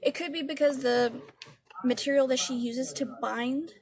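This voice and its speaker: Chatty woman with a gravelly voice. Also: sits high, moderate pace. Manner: chatty, rambling, swears casually. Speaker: beauty vlogger. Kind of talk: casual product review.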